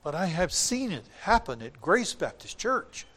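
An older man preaches a sermon, earnestly sharing a personal testimony as he builds to emphatic points and then drops into quiet asides. His voice is high-pitched with big swings in pitch, and he takes his time.

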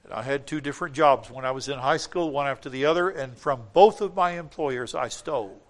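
An older man preaching a sermon, telling a personal testimony in an earnest way, building to emphatic points and dropping to quiet asides. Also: mid-range voice, brisk.

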